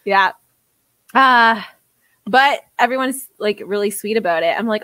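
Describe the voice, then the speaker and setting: A woman's voice: mid-range voice, a little slow, pauses often, fairly bright tone, no room sound. A young woman co-hosting a podcast, chatting casually in a giggly, self-mocking way. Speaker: podcast co-host. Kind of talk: casual chat.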